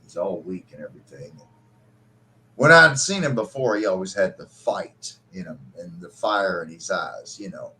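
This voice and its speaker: A man's voice: sits low, expressive, normal speed, sharp tone. A middle-aged man hosting a live stream, telling a personal story in a profane, emotional and bitter way. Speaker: host.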